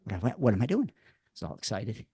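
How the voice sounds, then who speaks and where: A man telling his story as a podcast guest in a lively, conversational way. He restarts and repeats words and acts out quotes from the past. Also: lowish voice, fairly quick, creaky, husky, no echo, studio quality. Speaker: podcast guest, addiction program co-creator.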